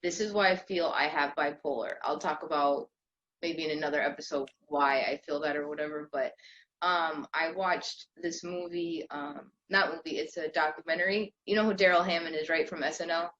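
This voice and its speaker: A woman's voice: sits low, fairly even intonation, moderate pace, a bit bright. A young adult woman co-hosting a podcast in casual chat, rambling with lots of fillers and restarts. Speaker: podcast co-host. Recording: slightly dull lo-fi audio with faint noise.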